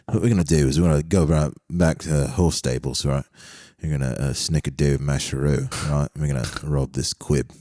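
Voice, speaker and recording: A bossy London gangster boss, as a man puts him on hands out orders in a gruff, very deep voice. He keeps repeating his tough-guy plans. The sound is close and dry. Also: fairly even intonation, brisk, few pauses, dark tone, dry recording.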